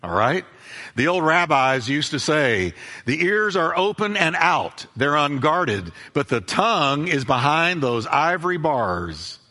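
High, lively pastor preaching in a reverberant hall. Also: male voice, unhurried. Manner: emphatic preaching with repeated phrases and acted-out dialogue. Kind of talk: sermon.

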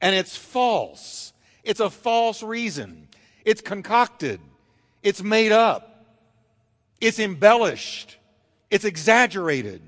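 A male pastor preaching a sermon in a church, emphatic and repetitive with dramatic pauses. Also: high voice, sing-song, fairly bright tone, big-room sound. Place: church sanctuary. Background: congregation.

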